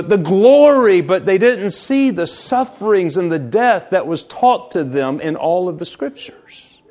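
This high-voiced man preaches emphatically and repetitively. He slows down on key phrases and drops almost to a whisper for emphasis.

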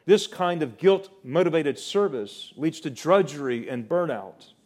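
A man preaching a sermon, swinging from loud, rising declarations to soft, slow, hushed passages. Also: a little high.

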